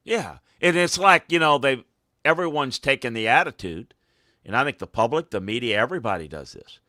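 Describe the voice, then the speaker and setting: A man's voice: medium pitch, lively intonation, brisk, pushed and bright, no room sound, studio quality. A man talking football as a coach on a podcast, emphatic and hammering points home by repeating phrases. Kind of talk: casual podcast talk.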